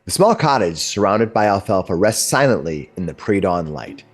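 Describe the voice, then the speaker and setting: Male game master, low husky voice, animated storytelling, faint music bed. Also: normal speed. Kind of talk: narrating a tabletop game.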